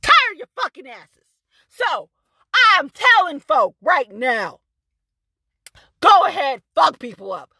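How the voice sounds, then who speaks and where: A woman rants hotly to camera, cursing and hammering every point twice. Her voice sits very high and swings widely. The tone is bright and cutting, and the sound is dry and close. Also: huge pitch swings, slow, creaky, pauses often, no room sound. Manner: fiery, cursing, repetitive and emphatic. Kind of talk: angry profane rant to camera.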